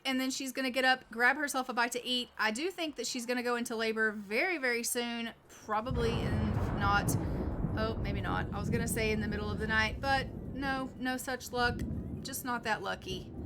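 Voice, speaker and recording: A woman's voice: on the high side, moderate pace, bright, forceful tone, a little hiss or hum. Chatty woman narrating her life-sim game. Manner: chatty, lots of fillers like "like" and "um". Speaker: gaming channel host. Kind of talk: casual gameplay commentary. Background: faint game music.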